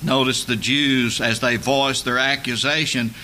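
A man preaching a sermon, emphatic and building to loud dramatic peaks. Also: mid-range voice, fairly even intonation, a little slow, slight background noise.

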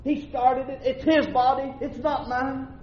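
A male pastor, preaching a sermon that swings from shouting to low asides. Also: level tone, a little slow, a little hiss or hum. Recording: roomy, dull lo-fi church recording.

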